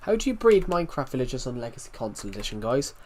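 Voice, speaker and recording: A man's voice: mid-range voice, very animated, rapid-fire, darkish tone. A man livestreaming a video game, rambling casually to his chat as he plays and repeating words to himself. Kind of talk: casual live gaming stream chat.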